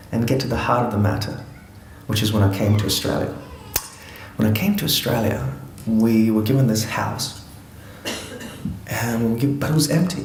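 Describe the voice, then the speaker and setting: A man's voice: mid-range voice, darkish tone, roomy sound, a little hiss or hum, low-quality recording. A man from Afghanistan telling his life story to an audience in an earnest, reflective way, with touches of humor.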